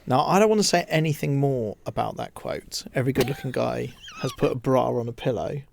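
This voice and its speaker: A man's voice: medium pitch, fairly quick, vocal fry, slight background noise. A man from the UK co-hosting a radio show's podcast, chatting casually and laughing as he tells studio stories. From United Kingdom. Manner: animated, laughs while telling stories. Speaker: radio co-host.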